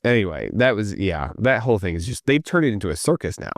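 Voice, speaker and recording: Low-voiced man co-hosting a chatty podcast. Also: big pitch swings, quick pace, no room sound, studio quality. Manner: rambling, full of "like" and restarts. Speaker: podcast co-host. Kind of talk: casual chat.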